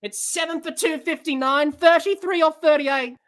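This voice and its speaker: An Australian woman hosting a podcast stream, giving excitable live cricket commentary and yelling at the big hits. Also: high voice, normal speed. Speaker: podcast host.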